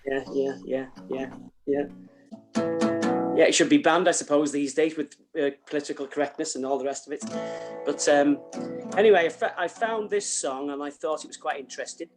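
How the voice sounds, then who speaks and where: A man's voice: a little high, normal speed, over music. A man at a folk club session on a video call, chatting with many ums as he introduces a traditional song and then sings it unaccompanied. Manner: chatty and hesitant between songs, with many ums.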